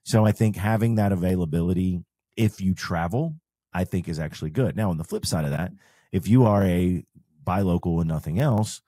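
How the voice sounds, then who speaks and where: A man's voice: low-pitched, a little fast, mellow, no echo, clean studio sound. A man, co-hosting a podcast and explaining off-road parts step by step in casual talk. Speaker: podcast host and off-road shop owner. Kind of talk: casual advice chat.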